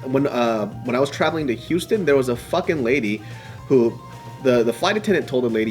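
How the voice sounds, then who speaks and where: A man's voice: mid-range voice, fairly quick, soft background music. A man in casual panel chat, swearing a lot and acting out the people in his stories. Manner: animated storyteller, heavy swearing, slips into quoted voices. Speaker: panel commentator.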